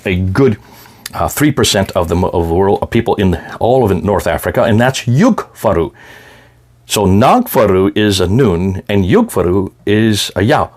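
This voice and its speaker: A man presenting an explanatory talk in an emphatic way, his pitch swinging up and down, with frequent restarts.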